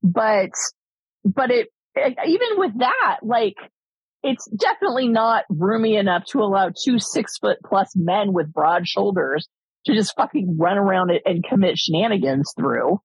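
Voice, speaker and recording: A woman's voice: medium pitch, animated, normal speed, slightly rough, no room sound, dull audio. A woman co-hosting a casual film-review chat, rambling and swearing, with lots of fillers. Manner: rambling, profane, many fillers.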